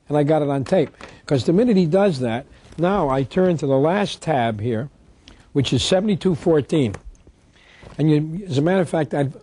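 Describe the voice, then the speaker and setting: A man's voice: a little high, warm tone, slightly rough. A man giving an instructional talk, emphatic, asking rhetorical questions and answering them himself. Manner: reads statutes aloud. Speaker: tax protest lecturer.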